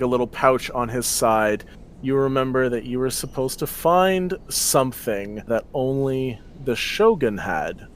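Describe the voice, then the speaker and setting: A man narrating a tabletop game as its dungeon master, at a middle pitch. He describes the fights with animated delivery and breaks into laughter as he goes.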